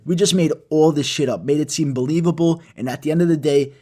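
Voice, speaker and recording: Profane, excitable young man telling stories. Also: fairly high pitch, fast talker, few pauses. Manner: profane, excitable, self-mocking. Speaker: storyteller. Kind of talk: animated comedic storytime.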